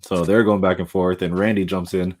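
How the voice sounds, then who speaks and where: A man's voice: sits low, fairly quick. A man hosting a podcast, chatting casually and acting out quotes with a lot of laughter. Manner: animated storytelling, acts out quotes, laughs often. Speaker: podcast host. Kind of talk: casual chat.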